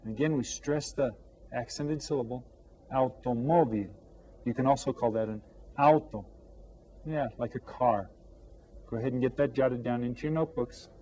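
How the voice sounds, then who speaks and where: A man teaching an elementary language lesson, drawing out each new word slowly and coaxing the class with friendly questions. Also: mid-range voice, warm tone, slight background noise. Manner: slow, drawn-out repetition of vocabulary for students. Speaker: Spanish teacher.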